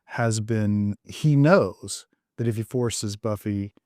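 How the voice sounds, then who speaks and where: A man co-hosting a podcast, discussing a TV show in an animated way and stumbling over repeated words. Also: on the low side, slow pace, no echo, studio quality. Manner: animated, stammers on restarts, laughs while telling jokes. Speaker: podcast co-host. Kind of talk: casual TV episode discussion.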